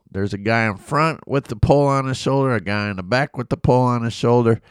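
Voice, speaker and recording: Conversational pastor with a smooth, low voice. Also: male voice, no room sound, studio quality. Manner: conversational, animated storytelling with rhetorical questions. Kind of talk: casual Bible study talk.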